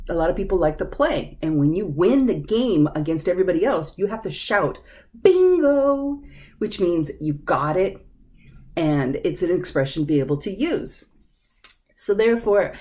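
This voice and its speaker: A woman teaches a short grammar lesson, patient and clear, pausing on the odd filler. Her voice sits lowish and mellow, but it leaps high and low whenever she acts out an example word for emphasis. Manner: acts out interjections with lively, exaggerated emphasis; patient explaining with occasional fillers.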